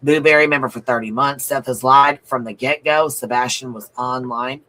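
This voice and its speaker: Steady in tone and moderate in pace, a man with a medium-pitched, bright, forceful voice gives blunt, profane livestream commentary. He reads viewer comments aloud and keeps repeating his points to drive them home. The recording is low quality.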